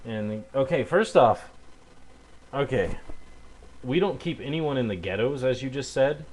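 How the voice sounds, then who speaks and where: A man's voice: mid-range voice, expressive, moderate pace, darkish tone, low-quality recording. A young man delivering an angry, heated rebuttal rant into a webcam at home, cursing and stumbling over fillers. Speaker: video blogger.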